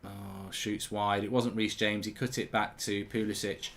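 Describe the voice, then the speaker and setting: A man's voice: on the low side, level tone, measured pace, a bit bright. A man hosting a live football watchalong, chatting and answering viewer questions. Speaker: host.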